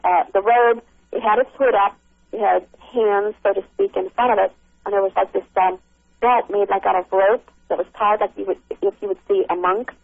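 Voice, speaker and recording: A middle-aged woman tells a frightening encounter over a tinny phone line, her voice gravelly and her speech halting, full of restarts. The line sounds dry and close. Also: medium pitch, steady tone, no echo. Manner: halting, with many restarts and fillers. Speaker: caller recounting an encounter. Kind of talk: emotional first-person account.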